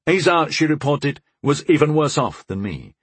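Brief: male narrator, husky tone, lively pitch, dry close sound, first-person fantasy reading. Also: normal speed, no echo. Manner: expressive storytelling. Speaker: audiobook narrator.

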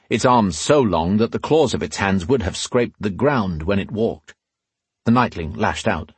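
A male narrator giving a measured, dramatic reading of a fantasy audiobook on a close mic. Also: fairly low pitch, breathy edge, no echo.

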